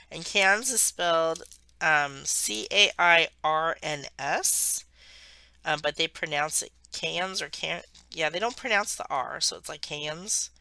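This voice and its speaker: Working on a craft project for her channel, a woman from the United States rambles through a chatty travel story and keeps correcting herself. She has a deep, smooth voice with a sharp tone, and the audio has no echo.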